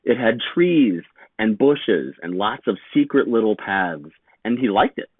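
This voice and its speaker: A man, a teacher, reading a children's picture book aloud with slow, very expressive storytelling. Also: on the low side, husky, no room sound. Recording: tinny phone-like sound, dry.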